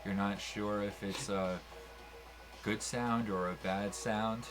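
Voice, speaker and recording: Slow-talking laid-back man. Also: fairly low pitch, steady tone, poor audio. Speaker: player. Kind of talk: casual chat at a game table.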